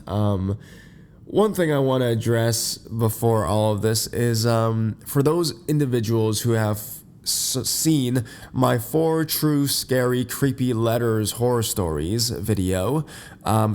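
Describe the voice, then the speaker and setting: Male podcast host, just out of bed: deep, groggy, a bit stuffy, rambling and full of fillers. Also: darkish tone. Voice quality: deep, slightly congested. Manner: rambling, many fillers and restarts. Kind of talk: casual unscripted podcast monologue. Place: in bed at home.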